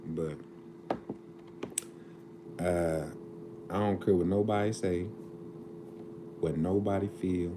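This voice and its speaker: Deep-voiced man on a noisy livestream. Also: steady tone, takes it slowly, pauses often. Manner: earnest, preachy, drawling street slang. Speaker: livestream host. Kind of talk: casual livestream talk. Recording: noisy background.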